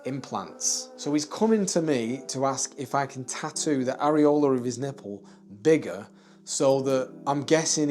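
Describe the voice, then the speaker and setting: A man, a tattoo studio owner, telling a story in a lively, conversational way with frequent laughs and tag questions. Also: medium pitch. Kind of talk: casual storytelling to camera.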